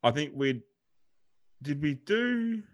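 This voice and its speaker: A man's voice: a little high, very animated, slow, muffled recording. A young Australian man co-hosting a podcast in casual chat, rambling and blokey, swearing freely. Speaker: podcast co-host.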